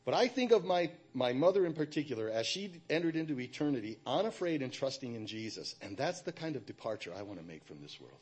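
A middle-aged man giving a personal church testimony, speaking haltingly with frequent restarts. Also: mid-range voice, very animated, darkish tone, slightly rough.

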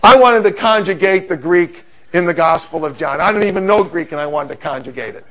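A middle-aged man preaching a sermon, telling stories in an animated, humorous way. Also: sits high, a little fast.

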